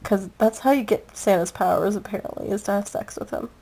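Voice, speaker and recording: A woman's voice: mid-range voice, fairly quick, creaky, dark tone, rough recording. A young woman in casual chat, reviewing a video with a giggly, rambling, gushing manner.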